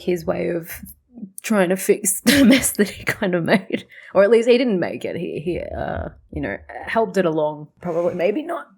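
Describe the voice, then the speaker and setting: Woman reaction host, low-ish voice, loose and profane, casual running commentary. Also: gravelly, a little mellow, slightly rough. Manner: chatty, swears freely, laughs often, rambling. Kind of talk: casual chat reacting to a show.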